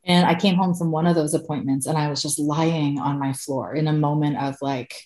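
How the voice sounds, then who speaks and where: A woman's voice: low-pitched, fairly even intonation, a little fast, darkish tone, roomy sound. A woman in her thirties, a podcast guest, telling her own story candidly, swearing freely and laughing often.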